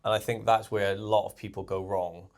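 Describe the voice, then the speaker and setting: A man hosting a strength and conditioning podcast, talking in a casual, sweary, animated way. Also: lowish voice, fairly quick. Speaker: podcast host, strength coach.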